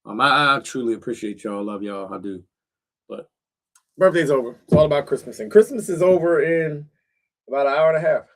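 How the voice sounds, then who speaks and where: A laid-back middle-aged man hosting a casual livestream from his backyard shed on a cold night. He talks straight to his viewers in a relaxed, slangy way, full of fillers and asides. His voice sits at an ordinary male pitch. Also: brisk. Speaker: livestream host.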